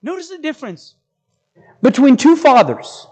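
A man's voice: very high voice, very animated, normal speed, dark tone, rough recording. A man preaching a sermon, exhorting his listeners with stacked rhetorical questions.

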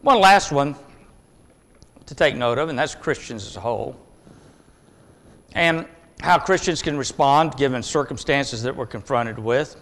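A man preaching a sermon in an earnest, emphatic way, swinging between loud stresses and hushed asides. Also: medium pitch, measured pace, pauses often, in a large hall.

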